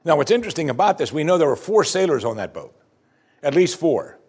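A man preaching a sermon, his pitch swinging widely as he presses his listeners with rhetorical questions. His delivery is animated and expository, the manner of a pastor walking a congregation through a passage. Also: a little fast, breathy edge.

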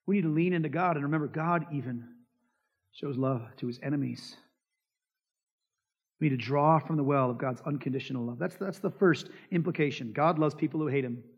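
A man's voice: on the high side, fairly quick, breathy edge. A man preaching a sermon, emphatic, asking the congregation rhetorical questions and acting out quoted lines. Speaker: pastor. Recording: dull lo-fi sound with long hall reverb.

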